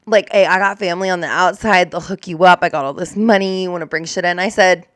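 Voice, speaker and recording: A woman's voice: on the low side, steady tone, fast talker, a bit bright, dry recording, clean studio sound. Blunt, profane young woman reacting. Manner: blunt, profane, chatty with many likes. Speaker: corrections officer reacting to news clips. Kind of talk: casual reaction commentary.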